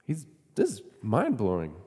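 A man's voice: fairly low pitch, wildly swooping pitch, moderate pace, dark tone, slightly rough, in a large hall. A man preaching a sermon in a conversational way, often asking his listeners questions. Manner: conversational, asks the congregation questions. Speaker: pastor.

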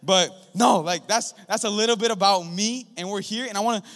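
A young man giving his first sermon in a church, excited, rambling and joking with the congregation. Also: high-pitched, fairly quick. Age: young adult. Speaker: guest preacher. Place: church sanctuary. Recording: long hall reverb.

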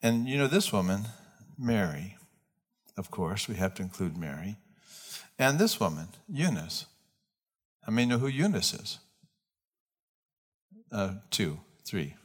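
A male pastor preaching in church with a somewhat low voice. He talks in a loose, conversational way, often restarting a phrase or asking the congregation who knows a name. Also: big pitch swings, measured pace, pauses often. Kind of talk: sermon.

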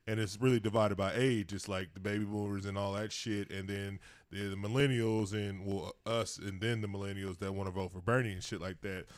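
A man's voice: fairly low pitch, no echo. A man co-hosting a casual chat show, talking loosely with lots of slang and frequent laughter. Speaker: podcast co-host.

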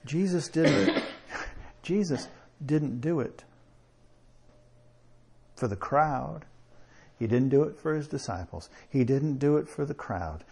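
A man preaching a sermon in a conversational way, with chuckles and slow emphatic pauses. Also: medium pitch, animated, vocal fry, a little mellow, slight background noise.

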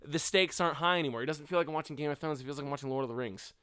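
Animated young man ranting casually. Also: fairly high pitch, very fast, clear, resonant tone. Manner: animated, profane, quotes characters in mocking voices. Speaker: podcast co-host. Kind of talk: casual chat.

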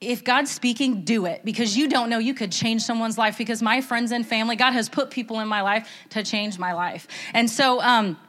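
A woman speaking to her church in an earnest, chatty way, often pausing with fillers and starting over. Her voice sits a little high. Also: a bit bright. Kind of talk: informal church talk.

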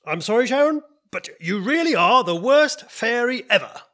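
A man's voice: extremely high pitch, animated, normal speed, heavily acted. A man playing an exasperated Fairy King. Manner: exasperated, shouting in outbursts. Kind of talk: comedy sketch acting.

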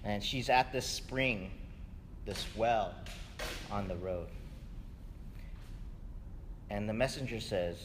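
A pastor with a fairly low voice preaches slowly, leaving long pauses, and keeps his sermon conversational with frequent tag questions of "right?" The background is noisy, and the recording carries the echo and faint ambience of a hall.

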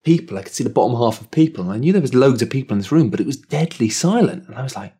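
A man telling a story in a casual chat. He talks in an animated way and swears freely. His voice sits at a middle pitch. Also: very fast, slightly rough.

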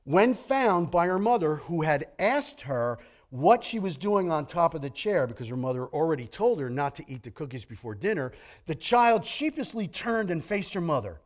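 Animated male preacher, high lively voice. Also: normal speed. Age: middle-aged. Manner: animated, grumbling impressions, jokey asides. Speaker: pastor. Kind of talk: sermon.

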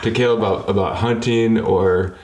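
A man who is a pastor, hosting a podcast interview in a friendly, relaxed way with some halting restarts. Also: lowish voice, reverberant. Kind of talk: casual interview.

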